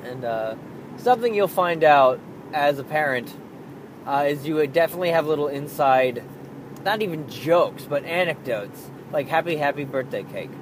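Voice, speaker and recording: A man's voice: on the high side, lively intonation, normal speed, slight background noise, poor audio. A young man talking candidly about being a parent, swearing freely and acting out his own frustrated outbursts. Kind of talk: casual monologue.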